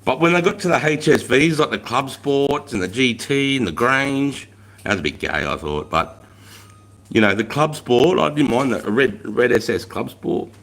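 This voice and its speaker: Animated and a bit bright, his mid-range voice has vocal fry and moves at normal speed. He's an Australian man in his forties hosting a casual livestream, reading comments and telling blunt, profane, slangy stories.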